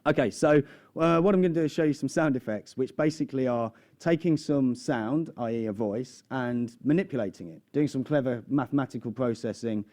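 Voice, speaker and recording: A man's voice: medium pitch, a little fast, few pauses, a little mellow. A man explaining sound demos to a live audience as a guest expert, chatty with fillers.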